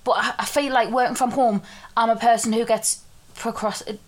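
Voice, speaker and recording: Woman cohost, bit high voice, teasing, swearing, laughing through a story. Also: steady tone, normal speed. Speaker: podcast co-host. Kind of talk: casual chat.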